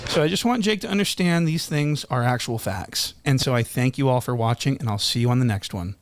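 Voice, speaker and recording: A man's voice: mid-range voice, a little fast, no room sound. A man giving mocking video commentary, with dry, sarcastic delivery. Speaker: online commentator in played clip.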